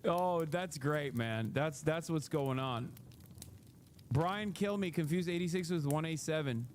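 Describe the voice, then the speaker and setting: Man, livestream host, high voice, profane heated commentary, animated. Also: slow pace, a little hiss or hum. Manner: animated, often laughing. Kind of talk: casual live commentary.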